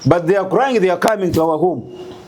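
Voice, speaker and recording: A Ugandan man telling a story in an interview, animated and full of rhetorical questions. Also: high-pitched, a little fast. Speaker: guest.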